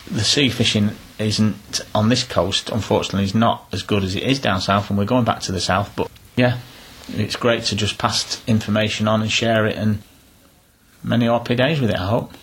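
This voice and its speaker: A man's voice: on the low side, fairly bright tone, breathy edge. A middle-aged man talking casually in an interview, telling down-to-earth stories with frequent restarts. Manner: chatty, down-to-earth, rambling with restarts. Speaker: interviewee, angler.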